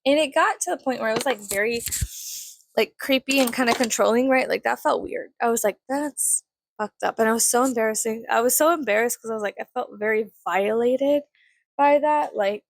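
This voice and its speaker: Woman vlogger, storytime while doing makeup; slightly high voice with vocal fry, swears a lot, rambles. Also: a little fast, no room sound. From Mexican family. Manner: chatty, swears often, filler-heavy, rambling.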